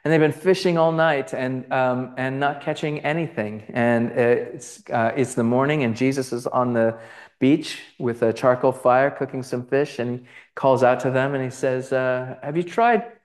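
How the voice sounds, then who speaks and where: A man's voice: medium pitch, level tone, moderate pace. Rambling male Bible teacher. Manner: conversational, many fillers and restarts, checks in with "right?". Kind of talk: lecture on gospel icons.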